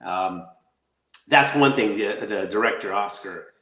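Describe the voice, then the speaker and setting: A man being interviewed as an actor, talking in a rambling, excitable way and laughing easily. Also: fairly low pitch, measured pace, reverberant. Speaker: actor guest. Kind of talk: casual interview chat.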